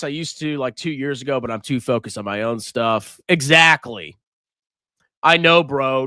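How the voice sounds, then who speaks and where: A man's voice: fairly high pitch, bright, forceful tone, no room sound, clean studio sound. Teasing man on a livestream. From United States. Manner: teasing, mocking, laughs often. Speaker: livestream finance host. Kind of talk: live stream chat reading superchats.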